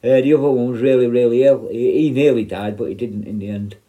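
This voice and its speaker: A man's voice: mid-range voice, fast talker, warm tone. A man, a former prison officer, telling rambling, heavily sweary stories in casual talk. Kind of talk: casual spoken storytelling.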